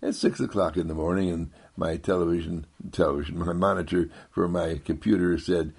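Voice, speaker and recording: A man with a deep, heavily gravelly and husky voice muses softly in a gentle inspirational monologue. His pitch swings widely, rising high when he quotes others. He rambles, circles back on his words and chuckles often. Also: fairly even intonation, fairly quick. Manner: rambling, repetitive, soft-spoken, chuckles often.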